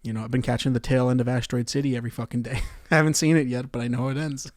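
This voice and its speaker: A male comedian ranting through a solo podcast in a mid-pitched voice, cursing freely. He jumps from loud outbursts to low, muttered asides. The sound is dry and close, with no room echo. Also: steady tone, rapid-fire. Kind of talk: comedic rant monologue.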